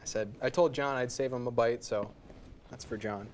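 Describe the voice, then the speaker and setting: Low-voiced playful co-anchor woman. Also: moderate pace, noisy background. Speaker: news co-anchor. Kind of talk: casual studio banter.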